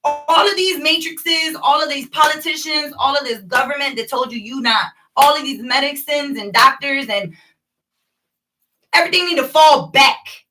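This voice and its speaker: A woman vlogging a rambling, preachy spiritual monologue to her viewers, animated and addressing them directly. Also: high voice, moderate pace, distant mic, soft background music, rough recording.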